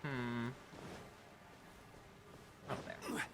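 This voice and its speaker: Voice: medium pitch, steady tone, very slow. A streamer chatting casually over gameplay, swearing freely and laughing often.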